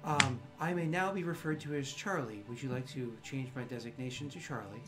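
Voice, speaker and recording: A man's voice: medium pitch, fairly quick, over music, lightly acted. A man voicing a polite male ship assistant AI who speaks in a formal, stiff and courteous way.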